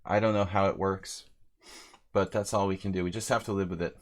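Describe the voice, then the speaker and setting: A Hungary-based chess streamer plays a simul live, rambling chattily between moves and reading out viewer names as casual commentary. His voice is low and fairly even, and he talks briskly.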